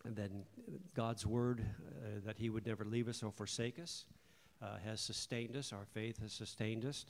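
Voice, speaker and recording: Older guy w a lowish voice, earnest thanks at church, big reverby sanctuary. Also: steady tone, normal speed. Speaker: church member giving thanks. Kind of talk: testimony in a church service. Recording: long church hall reverb.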